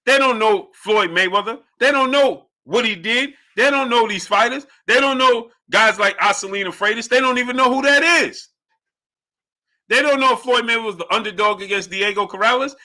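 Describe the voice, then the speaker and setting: A man's voice: extremely high pitch, brisk, pushed and bright. A man hosting a live-stream boxing show, talking emphatically, repeating his points and greeting chat viewers by name. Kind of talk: live-stream sports commentary.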